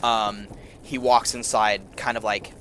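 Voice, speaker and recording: A man narrating as game master in loose, hesitant speech with many fillers, sometimes dropping to a hushed whisper, over a video call. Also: on the low side, little pitch movement, measured pace, a little hiss or hum. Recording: music playing underneath.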